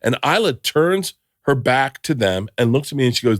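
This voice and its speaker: A middle-aged man hosting a podcast, telling stories in an animated, profane, casual way. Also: medium pitch, normal speed, no room sound, clean studio sound. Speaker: podcast host. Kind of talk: casual chat.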